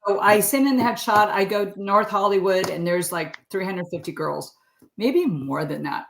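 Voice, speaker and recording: A woman's voice: medium pitch, normal speed, gravelly, roomy sound, a crowd in the background. A sixty-year-old woman from California, a podcast guest telling stories in casual, chatty talk and laughing often. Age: 60s. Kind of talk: casual interview chat.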